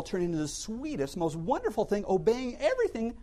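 Male Sunday school teacher, animated pitch, chatty delivery with rhetorical questions. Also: brisk, few pauses. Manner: conversational, rhetorical questions, acts out stories. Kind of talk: church class teaching.

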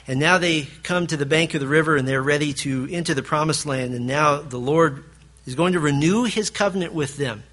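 A man preaching as a pastor, delivering a sermon with emphatic swings between forceful declarations and hushed, quiet passages. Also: a little high.

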